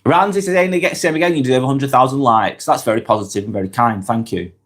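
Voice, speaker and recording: Speaking fast in a mid-range, slightly bright voice, a man from Lancashire, northwest England, hosts a casual live vlog despite having a cold. He chats away, reading viewer comments out loud and giving direct answers.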